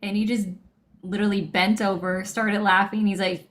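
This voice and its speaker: A woman's voice: mid-range voice, level tone, normal speed. A woman co-hosting a live show, chatting casually and telling stories. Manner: chatty, storytelling. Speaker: co-host. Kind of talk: casual chat.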